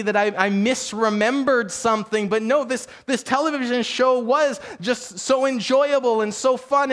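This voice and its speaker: A man's voice: extremely high pitch, a bit bright. A man preaching as a pastor in a church, talking in a conversational, self-deprecating way with frequent restarts. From Canada. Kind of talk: sermon.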